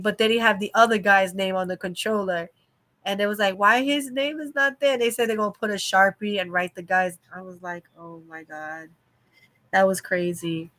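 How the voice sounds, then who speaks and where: A woman hosting a casual livestream chat from home, telling a story in an animated way, exclaiming and laughing as she goes. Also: medium pitch. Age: adult mother of a young child. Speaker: livestream host.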